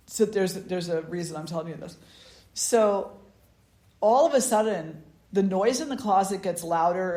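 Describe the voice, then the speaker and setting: A woman spiritual teacher telling a personal story at a gathering, in a conversational way with many restarts and asides. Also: medium pitch. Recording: echoey room.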